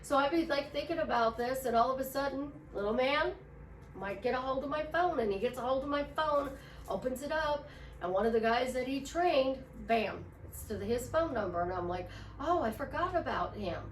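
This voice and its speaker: A woman's voice: sits high, expressive, moderate pace, a little hiss or hum. A woman life coach giving a casual motivational talk, chatty and storytelling, repeating affirmations. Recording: echoey room from far off.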